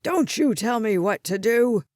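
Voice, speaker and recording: A woman voicing an elderly grandfather in the hospital, blunt, demanding and forceful, in a slow audiobook reading. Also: a little high, lively intonation, no echo, studio quality. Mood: angry. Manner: forceful, bossy, impatient.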